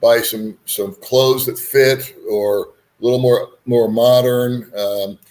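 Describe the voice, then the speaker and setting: A man's voice: mid-range voice, fairly even intonation, slow, a little mellow. Chatty, frank male host. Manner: rambling, frank, folksy asides. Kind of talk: casual chat.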